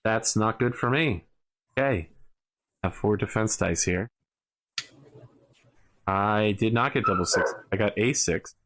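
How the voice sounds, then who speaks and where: A man narrating as game master of a tabletop mech game, telling the action in a wry, lively way. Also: on the low side, measured pace, long pauses.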